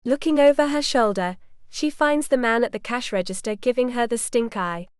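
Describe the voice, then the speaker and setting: A woman narrating a romance audiobook in the first person, with light, steady storytelling. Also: a little high, normal speed, clean tone, no echo, clean studio sound.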